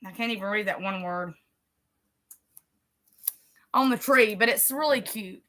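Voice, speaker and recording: A woman's voice: mid-range voice, measured pace, fairly bright tone. A middle-aged woman, chatting casually and rambling as she decorates a planner for her vlog. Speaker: vlogger.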